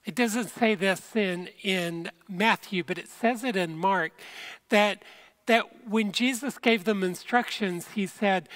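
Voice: mid-range voice, takes it slowly, fairly bright tone. A pastor giving an earnest, conversational sermon from a church sanctuary and speaking directly to the people watching.

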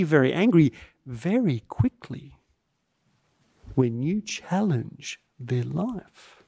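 A man preaching a sermon as pastor, slow and emphatic with dramatic pauses. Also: on the high side, darkish tone. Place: church.

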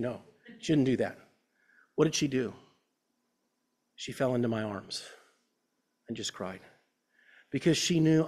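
Male pastor, fifties, preaching in a church with an earnest, chatty storytelling manner and a slightly higher voice. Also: animated, a little slow, long pauses. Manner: earnest, conversational, personal storytelling. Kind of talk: sermon.

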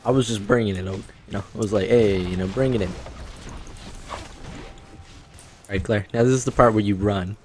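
A man's voice: fairly low pitch, steady tone, fairly quick, pauses often, a little mellow, slight background noise. A man hosting casual gaming commentary, rambling, joking and swearing freely as he plays. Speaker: gaming channel host.

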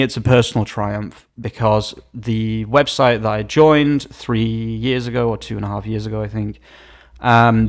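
A man hosting a screen-share tutorial on search results, talking with open excitement and trailing into quiet asides. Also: lowish voice. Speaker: SEO channel host.

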